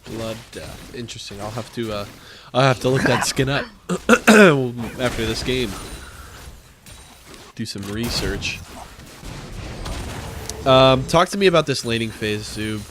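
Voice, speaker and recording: A man's voice: medium pitch, lively intonation, slow pace, pauses often, noisy background. A man co-casting a live esports match, teasing his partner and asking questions. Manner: bantering, teasing, asks questions. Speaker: esports co-caster. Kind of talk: live game commentary.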